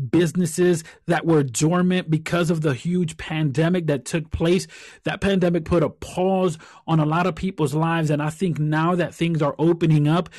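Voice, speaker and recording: A man's voice: on the high side, darkish tone, no room sound, clean studio sound. Earnest man hosting a podcast. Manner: earnest, repeats phrases while thinking aloud. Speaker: podcast host. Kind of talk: reflective solo podcast talk.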